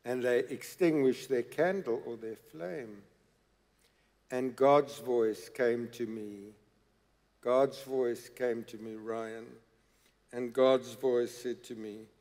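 Guy preaching slow and dramatic, bit high voice, big echoey church hall. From South Africa. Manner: emphatic, slow and dramatic with repeated phrases. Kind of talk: sermon.

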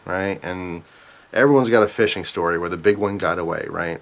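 Guy with a lowish voice doing a storytime vlog, rambly and excited, lots of little asides. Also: fairly quick, vocal fry. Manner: rambling, animated retelling with asides. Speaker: vlogger. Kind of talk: casual storytime.

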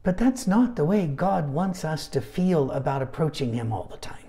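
A man's voice: on the high side, lively intonation, normal speed, dark tone. A man teaching a midweek Bible study in a chatty, anecdotal way, with humorous asides.

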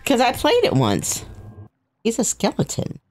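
A woman's voice: on the high side, huge pitch swings, measured pace, darkish tone. A woman co-hosting a let's play, trading teasing, sarcastic quips. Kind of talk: casual gaming banter.

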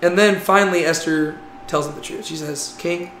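High-voiced casual Bible teacher. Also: male voice, fairly even intonation, normal speed, a bit bright. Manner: conversational, frequent "right?" tags. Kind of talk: casual Bible class lecture. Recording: echoey room with faint noise.

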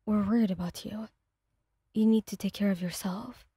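A woman reading the part of a cheerful, caring young man who speaks softly and reassuringly. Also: medium pitch, fairly even intonation, moderate pace, slightly rough, no room sound, studio quality. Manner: soft, reassuring. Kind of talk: fanfic audio reading.

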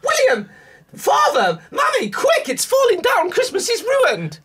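A man's voice: huge pitch swings, unhurried, noisy background, full character voice. A shrieking posh young man. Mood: panicked. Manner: shrill, shouting, overexcited. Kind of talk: comic impression.

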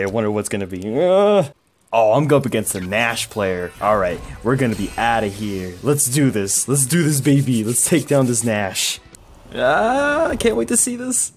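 A man narrating his own gameplay in an excitable rush, his pitch jumping all over as he swears and hollers at the screen. Faint music plays underneath him. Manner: loud, swearing, quick to shout and groan. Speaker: gamer playing a fighting game.

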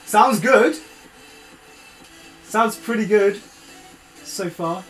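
A man's voice: on the high side, lively intonation, measured pace, long pauses, soft background music. A young man live-streaming a video game, cursing and ranting at himself in casual commentary. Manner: swears a lot, exasperated ranting, talks to himself.

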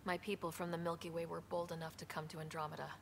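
An actress playing a bold young female space explorer in a video game, speaking in an earnest, steady way. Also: lowish voice, fast, gravelly, slight background noise. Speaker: game protagonist.

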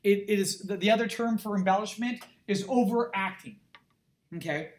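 Speaking at a normal speed in a high voice, a middle-aged art instructor gives a classroom lecture. He keeps it emphatic and conversational, frequently checking on his students.

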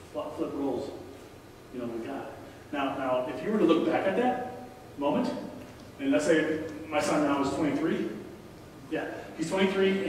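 A man in his forties delivers a conversational sermon, pleading and repeating his main points. His voice sits a little high. He is picked up from a distance in a big echoing sanctuary with a faint hiss underneath. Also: a little mellow. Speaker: guest preacher. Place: large church sanctuary. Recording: echoey hall from far off, faint noise.

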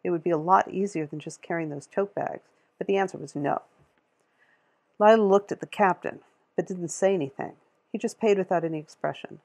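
A woman reading a novel aloud in a steady, measured way, with a gravelly, husky voice. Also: fairly low pitch. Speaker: audiobook reader.

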